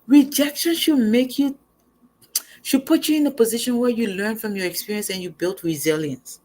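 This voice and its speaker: A young woman giving a casual motivational talk as host, animated and conversational. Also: on the high side, moderate pace. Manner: animated, conversational, acts out quoted lines.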